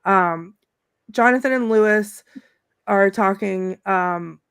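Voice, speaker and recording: A woman's voice: medium pitch, slow pace, fairly bright tone, clean tone, dry recording, studio quality. A middle-aged woman on a podcast panel, chatting casually, laughing often and reading favorite movie quotes aloud with relish.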